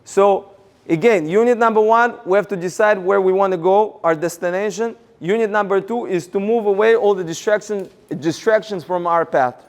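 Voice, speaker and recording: A man giving a motivational seminar talk, energetic and rallying the audience with questions. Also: high voice, moderate pace. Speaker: seminar speaker.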